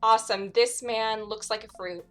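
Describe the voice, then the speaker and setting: A woman's voice: fairly high pitch, fairly even intonation, moderate pace, a bit bright, soft background music. A young adult woman streamer chatting casually over a game, with frequent laughs and wry asides.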